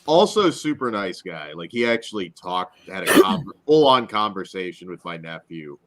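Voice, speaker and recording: A man hosting a casual movie review podcast, animated and chatty, reading a synopsis and leading the ratings. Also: sits low, moderate pace. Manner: animated, reads synopsis, frequent laughs. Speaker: podcast host.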